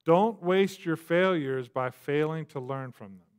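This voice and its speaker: A man preaching a sermon in a relaxed, conversational way, full of asides and fillers. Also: a little high, a little slow, smooth. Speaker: pastor. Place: church.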